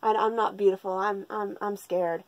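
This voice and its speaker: A woman's voice: medium pitch, fairly even intonation, normal speed, no echo, rough recording. A woman giving a comedic manga recap with profane, sarcastic ranting. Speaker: manga reviewer.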